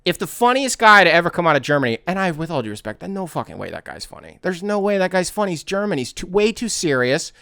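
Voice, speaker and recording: A man's voice: high-pitched, very animated, quick pace, vocal fry, few pauses, pushed and bright, smooth, no room sound, clean studio sound. A man from the United States hosting a casual solo podcast, rambling and correcting himself as he talks. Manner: rambling, self-correcting, conversational. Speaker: podcast host.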